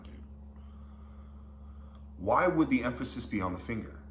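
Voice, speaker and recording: A man reading Bible passages and explaining them in a casual, slangy way, breaking into excited asides as he teaches. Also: lowish voice, measured pace, pauses often. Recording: echoey room with faint background noise.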